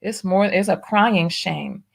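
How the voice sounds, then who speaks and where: A woman's voice: on the low side, takes it slowly, gravelly, husky. A woman hosting her own show, giving preachy commentary and reading viewer donations aloud, with big swings in emphasis. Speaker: show host.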